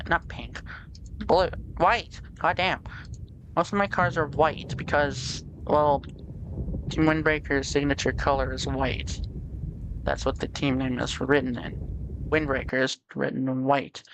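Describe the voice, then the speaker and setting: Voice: medium pitch, a bit bright, slight background noise. A streamer chatting casually while playing, tired and sleepy, rambling and trailing off with hesitant fillers. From Canada. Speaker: game streamer. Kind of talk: casual live-stream chat.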